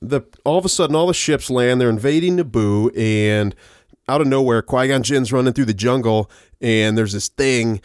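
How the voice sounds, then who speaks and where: A man's voice: mid-range voice, normal speed, no echo, studio quality. A man casually recapping a film on a podcast, laughing and acting out quoted lines as he goes. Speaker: podcast co-host. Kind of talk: casual movie recap chat.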